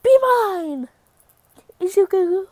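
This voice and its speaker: A woman voicing an obsessive, unhinged teenage villain girl with a shrill, catty manner. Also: expressive, slow pace, mellow, no echo, heavily acted.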